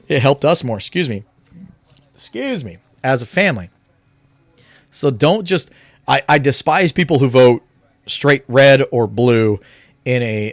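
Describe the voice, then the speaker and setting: A man's voice: medium pitch, dry recording. Blunt, profane man ranting. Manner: blunt, profane, rambling with restarts. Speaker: podcast host. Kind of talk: casual opinion monologue.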